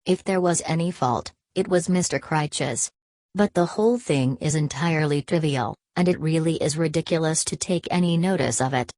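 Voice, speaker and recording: A woman's voice: deep voice, moderate pace, a little mellow, dry recording, clean studio sound, lightly acted. A woman voicing a proud young woman artist in an audiobook, speaking with cool irony and cutting distinctness. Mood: cold.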